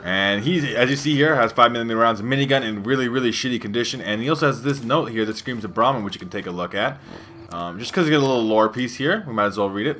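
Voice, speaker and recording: A man's voice: mid-range voice, quick pace, a bit bright, a little hiss or hum. A young man casually commenting over his own gameplay, loose and profane, rambling with lots of fillers. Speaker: gaming youtuber. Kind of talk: let's play commentary.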